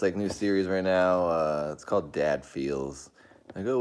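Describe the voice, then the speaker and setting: Low-voiced man chatting on a live stream. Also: animated, moderate pace. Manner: rambling, talks to chat, jumpy outbursts. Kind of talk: casual live-stream chat.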